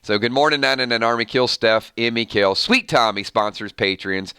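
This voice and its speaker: A man's voice: medium pitch, moderate pace, pushed and bright, smooth, no room sound, studio quality. A man hosting a casual live stream with his morning voice, rambling through viewer comments with fillers and restarts. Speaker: YouTube channel host.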